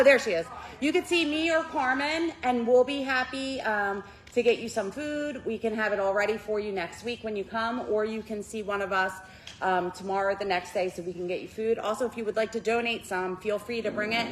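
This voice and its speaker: A woman's voice: mid-range voice, fairly quick, slight background noise, rough recording. A woman leading a recovery group meeting in a church room, giving chatty announcements and a heartfelt introduction, with many fillers.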